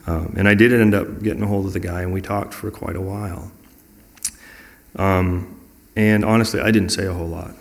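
Low gravelly guy, earnest and reflective, telling personal stories in a chat. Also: steady tone, moderate pace. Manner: earnest and reflective, acting out quoted dialogue. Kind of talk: personal storytelling in a conversational talk.

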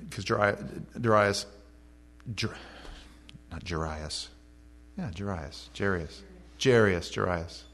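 Lively, joking pastor preaching to a congregation. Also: male voice, lowish voice. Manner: conversational, lively, joking asides to the audience. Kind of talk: sermon.

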